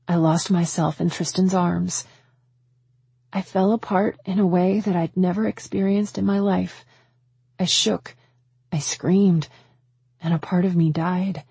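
A woman reads a first-person romance audiobook with an intimate, emotional delivery. Her voice is husky and low, with a gravelly fry. The recording is dry and close. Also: steady tone, a little slow, pauses often, dark tone, dry recording. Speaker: audiobook narrator.

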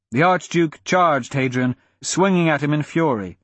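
A man narrating a fantasy audiobook in a steady, measured storytelling manner, recorded on a close mic. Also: fairly high pitch, no room sound.

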